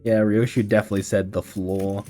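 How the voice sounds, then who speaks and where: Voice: deep voice, level tone, brisk, mellow, soft background music. A streamer reading a game story aloud, with giggly, chatty asides. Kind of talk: casual game playthrough reading.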